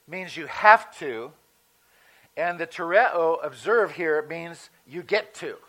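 A male pastor giving a sermon in a conversational teaching manner, slowing down to stress key words. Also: a little high, a bit bright, low-quality recording.

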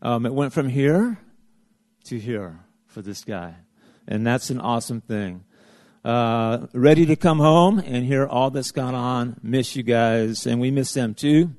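A man's voice: medium pitch, no echo. Rambling man making church announcements. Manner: rambling, filler-heavy, self-interrupting. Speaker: church leader.

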